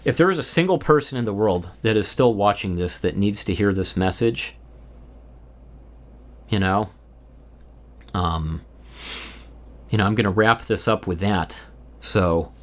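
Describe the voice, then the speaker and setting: A man in his thirties talking alone in an unscripted stream-of-consciousness monologue, rambling and candid, swearing often. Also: fairly low pitch. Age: 30s. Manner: rambling and candid, with frequent profanity and filler. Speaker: vlogger. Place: indoors, recording alone.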